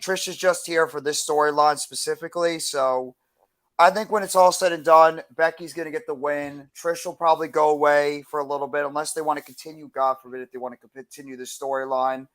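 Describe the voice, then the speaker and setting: A man co-hosting a casual wrestling chat, giving his picks in a measured, reasoned way. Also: fairly high pitch, fairly even intonation, fairly bright tone. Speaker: podcast co-host.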